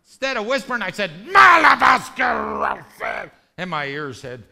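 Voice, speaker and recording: Animated high-voiced preacher man. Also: quick pace. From rural ranch background. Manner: animated storyteller, shouts and laughs. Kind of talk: testimony sermon.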